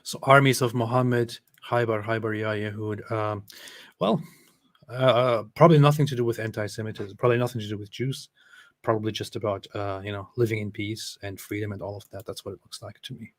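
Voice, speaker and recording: A man's voice: lowish voice, fairly even intonation, a little fast, no room sound, studio quality. A man hosting a casual livestream, reading news aloud with wry, sarcastic asides. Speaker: host.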